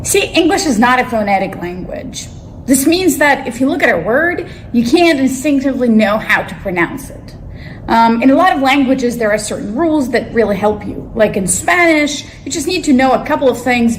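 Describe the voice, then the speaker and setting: A woman's voice: a little high, a little hiss or hum, rough recording. A woman English teacher explaining things casually in an online lesson.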